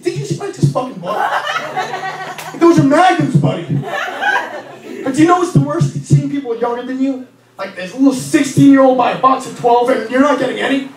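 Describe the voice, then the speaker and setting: A young man doing a stand-up comedy set, ranting crudely and in exasperation. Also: very high voice. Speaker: stand-up comic. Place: comedy lounge. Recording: echoey club, distant mic, audience laughter.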